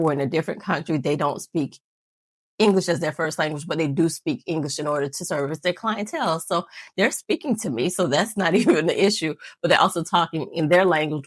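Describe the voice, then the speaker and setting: Woman, vlogger, casual storytelling, rambling, self-mocking, breathy, low-pitched. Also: no room sound. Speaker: nail channel vlogger.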